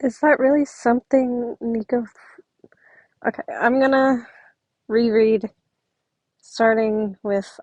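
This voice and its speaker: A woman's voice: fairly high pitch, steady tone, slow pace, pauses often, darkish tone, no echo. A woman reading fan fiction aloud at home, chatty and prone to apologetic asides. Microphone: home microphone.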